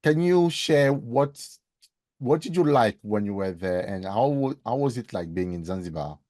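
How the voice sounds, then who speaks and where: A man hosting a podcast, asking his guest a question in a halting way, repeating words. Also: lowish voice, expressive, darkish tone, dry recording, studio quality. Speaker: podcast host. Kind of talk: interview question.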